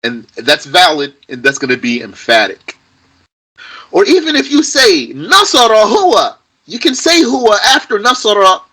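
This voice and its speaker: A man's voice: high-pitched, wildly swooping pitch, moderate pace, bright, forceful tone, slightly rough, low-quality recording. A man teaching an Arabic grammar lesson to a class, patient and repetitive, stressing key points emphatically.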